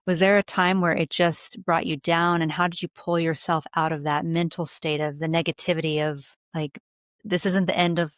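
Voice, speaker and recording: A woman hosts a podcast in a relaxed, chatty way, with many "you know" and "like" fillers. Her voice sits on the low side and sounds dry and close. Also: moderate pace, hardly any pauses, dry recording. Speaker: podcast host. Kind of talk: casual interview chat.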